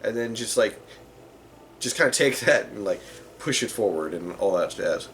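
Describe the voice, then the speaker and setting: Talking to camera about running games, this tabletop game channel host speaks casually and rambles somewhat, filling gaps with likes and uhs. His lowish voice is expressive and a bit bright at normal speed, over slight background noise.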